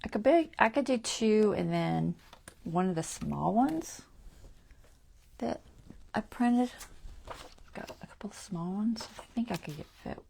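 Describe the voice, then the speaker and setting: A woman hosting a crafting livestream from home, chatting casually as she thinks aloud through her choices and often dropping into soft, half-whispered asides. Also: medium pitch, lively intonation, unhurried, vocal fry, pauses often, slight background noise. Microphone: wearing a mic.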